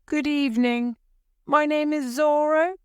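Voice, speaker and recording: A woman's voice: high voice, fairly even intonation, a little slow, no room sound, studio quality, voice pushed up. A woman voicing a confident masked male swordsman hero in a storybook reading. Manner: confident, commanding.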